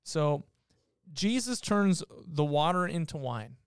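Podcast co-host, man, smooth, slightly raised pitch, casual Bible explainer, dry close sound. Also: sing-song, takes it slowly, no echo. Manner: explains patiently, reads verses aloud, many restarts. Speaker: podcast co-host teaching scripture.

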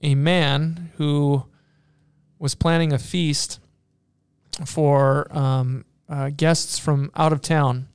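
An earnest male prophet telling a parable at a measured pace, as a man puts him on. The voice is smooth and clear. It is recorded close and dry. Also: fairly high pitch, little pitch movement, dry recording.

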